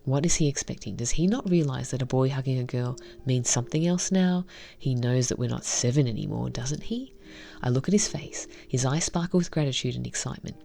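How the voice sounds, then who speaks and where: A woman with a low voice reads a visual novel aloud and reacts to it between passages. She talks softly, often half in a whisper, with a heartfelt touch, and faint music plays behind her. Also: lively intonation, brisk, creaky. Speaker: game reviewer.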